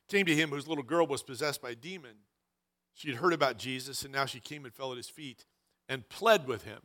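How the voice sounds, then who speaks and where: A man's voice: mid-range voice, pushed and bright. A man preaching a sermon as pastor, earnest and emphatic, often repeating phrases for weight.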